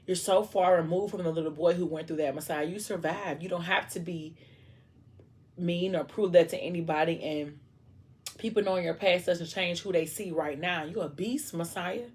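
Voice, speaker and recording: A woman's voice: on the low side, moderate pace, a little mellow, natural voice. Woman reading as a blunt, fiercely loyal best friend. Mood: reassuring. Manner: blunt and profane but caring.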